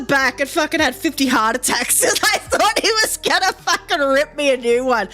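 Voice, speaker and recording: Aussie woman streaming, kinda high voice, swears a ton, super animated, faint music behind. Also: moderate pace, few pauses. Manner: swears freely, animated storytelling with frequent laughs. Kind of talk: casual chat while gaming.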